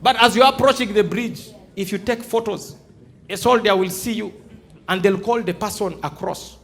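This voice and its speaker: A man's voice: high voice, normal speed, gravelly. A Ugandan man doing live stand-up comedy on a theatre stage, telling stories and acting out other people's voices. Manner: animated storytelling, acting out voices and shouts. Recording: live stage recording with audience laughter and noise. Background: audience laughter.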